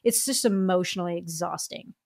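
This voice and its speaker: A woman co-hosts a podcast in a relaxed, conversational way. She backs up her partner with quick affirmations and then gives her own easy-going thoughts. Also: on the low side. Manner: supportive interviewer, frequent affirmations. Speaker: podcast co-host. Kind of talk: casual chat.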